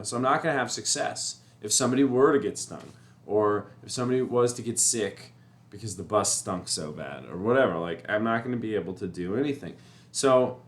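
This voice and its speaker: A man talking in a casual, rambling way about staying calm, repeating himself and getting animated when he describes panicking. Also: mid-range voice. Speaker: motivational speaker. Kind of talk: casual spoken reflection.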